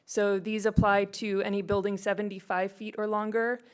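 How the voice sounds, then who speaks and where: Woman, smooth clear voice, flat even delivery, methodical presenter. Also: mid-range voice, normal speed. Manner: steady, methodical, explaining with fillers.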